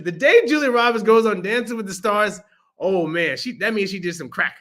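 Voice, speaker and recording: Young male podcast co-host, bright tone, animated jokey delivery, laughs a lot. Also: sits high, fairly quick, slight background noise. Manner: animated, joking, laughs often. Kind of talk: casual movie review chat.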